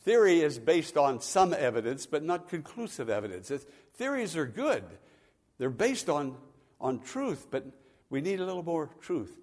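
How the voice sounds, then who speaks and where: A man's voice: on the high side, very animated, normal speed, darkish tone, big-room sound. A man preaching a sermon as pastor, building to emphatic bursts. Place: church.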